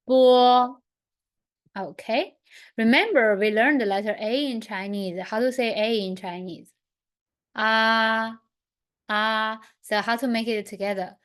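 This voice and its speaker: A woman teaching an online lesson, leading slow, patient pronunciation drills and repeating each sound. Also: mid-range voice. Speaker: language teacher.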